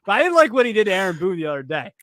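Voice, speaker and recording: A man's voice: sits high, very animated, racing, background noise. A man co-hosting a casual sports chat, rambling and interrupting himself with joking asides. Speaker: podcast co-host.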